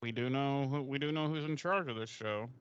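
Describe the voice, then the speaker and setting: A man co-hosting a casual podcast, retelling scenes in an animated way, swearing freely and acting out the characters' lines. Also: mid-range voice, fairly quick, clean tone, no room sound, lo-fi sound. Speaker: podcast co-host. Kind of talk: casual recap chat.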